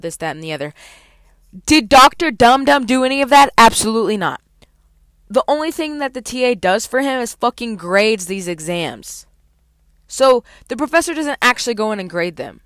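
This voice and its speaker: A woman's voice: a little high, expressive, moderate pace, a bit bright, clean tone, dry recording. A young woman, a college student, ranting casually and profanely in an exasperated way. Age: young adult.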